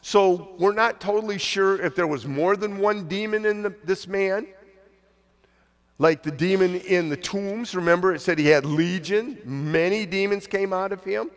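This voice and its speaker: A man preaching a sermon in a relaxed, conversational way, his voice sitting a little high for a man. He acts out the voices of the people he quotes. The sound rings with long reverb from a church hall. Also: unhurried. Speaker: pastor.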